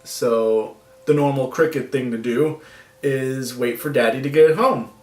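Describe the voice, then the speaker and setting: A man talking to the camera in a soft, halting way, breaking off with nervous laughs and long pauses. His voice has an average pitch. It sounds roomy and echoey, with the mic set back from him. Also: far from the mic. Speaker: vlogger. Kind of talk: personal vlog talking to camera.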